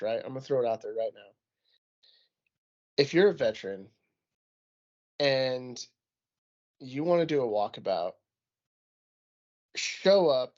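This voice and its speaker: A man's voice: mid-range voice, darkish tone, dull audio. A man co-hosting a podcast in casual banter, laid-back, swearing freely and laughing often. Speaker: podcast co-host.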